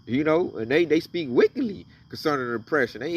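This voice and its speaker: A man talks through scripture in a loose, conversational way, reading a verse and then riffing on it with animated emphasis. His voice sits a little high for a man. He sounds slightly distant from the microphone. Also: fast talker, few pauses, slight background noise. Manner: animated, emphatic, reads verses aloud then riffs on them. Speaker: religious commentator. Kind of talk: casual scripture commentary.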